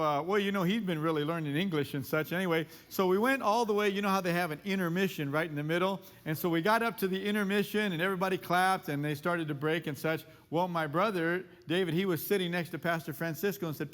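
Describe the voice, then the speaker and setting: A man's voice: high voice, quick pace, hardly any pauses, a bit bright, in a large hall. A man leading a church class, joking about his own playing and singing the books of the Bible along with a guitar. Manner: jokey, self-deprecating, sings along on guitar. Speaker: pastor.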